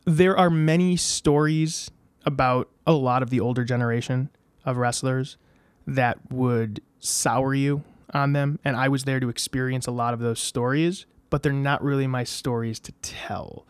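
A man telling wrestling stories as a podcast guest, animated and acting out the voices of the people in his stories. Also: medium pitch, unhurried, clear, resonant tone, dry recording. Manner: animated, acts out quoted voices. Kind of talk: casual podcast storytelling.

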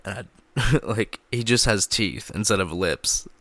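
A man with a very low, creaky voice talks straight into a close microphone. His commentary is casual and loose, packed with filler words and swearing. The sound is dry and close, with no room around it. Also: a little slow, pushed and bright, no room sound. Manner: profane, filler-heavy, laughs at own jokes. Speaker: vlogger.

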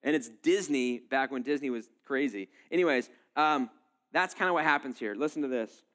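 A man in his thirties preaching a sermon in a casual, animated way, full of fillers and asides. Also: medium pitch, moderate pace. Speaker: pastor.

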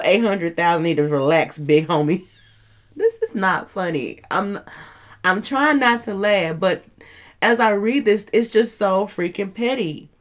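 A woman hosting a casual commentary show, chatty, rambling and laughing as she talks. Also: fairly low pitch. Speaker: host.

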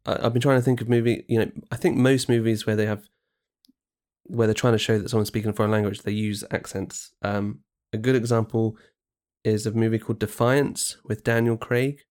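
A man co-hosting a podcast in casual chat, chatty and quick to agree, often restarting his sentences. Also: lowish voice, flat delivery, darkish tone. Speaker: podcast co-host.

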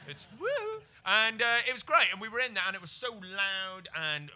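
A British man, a comedian guest, telling a comic story on a podcast, jumping between quiet mutters and excited bursts. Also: a little fast, clean tone. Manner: animated, swings from low mutters to excited bursts.

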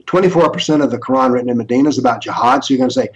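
Rapid-fire speech in a mid-range voice comes through lo-fi sound from this older man, an author on political Islam. As an interview guest, he lectures emphatically and throws out rhetorical questions.

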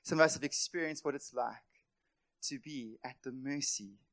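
A man preaching a sermon as pastor, impassioned, swinging between loud emphatic lines and quiet asides, and acting out the voices of worried people. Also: mid-range voice, moderate pace.

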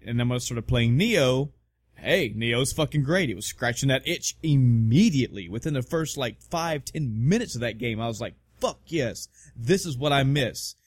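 A podcast co-host with a mid-range voice chats casually, recorded without echo. He rambles and swears, poking fun at himself.

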